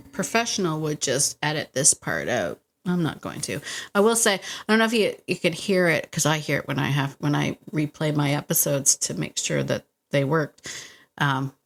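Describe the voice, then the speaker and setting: A woman's voice: deep voice, creaky. A woman hosting her podcast from a home podcast room, talking casually and animatedly with many asides and self-interruptions. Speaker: podcast host and dog trainer. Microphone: podcast microphone on a stand.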